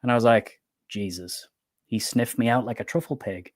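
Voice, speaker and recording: This is an Irish man with a Dublin accent, chatting casually on a livestream. He tells stories in a lively way, laughs often and drops the odd swear word. His voice sits in an ordinary middle pitch. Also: moderate pace. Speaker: book channel co-host.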